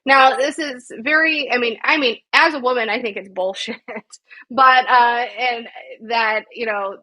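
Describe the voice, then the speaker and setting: A woman's voice: a little high, fairly even intonation, measured pace, sharp tone, low-quality recording. A woman co-hosting a podcast, recounting a news story in a rambling, indignant way with frequent swearing. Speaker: podcast co-host. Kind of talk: casual news chat.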